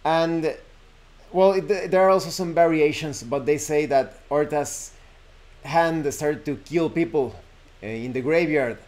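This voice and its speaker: Hosting a show, this man retells a horror folk tale in an unhurried way, his voice on the high side with a darkish tone. His casual storytelling rambles, full of fillers and self-corrections.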